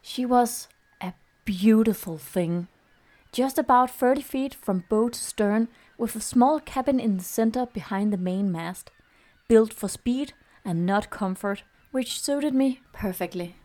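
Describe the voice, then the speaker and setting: A woman playing a student podcaster who chats hesitantly and then reads a ghost story aloud in a steady voice. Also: on the high side, a little slow, lightly acted. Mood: storytelling.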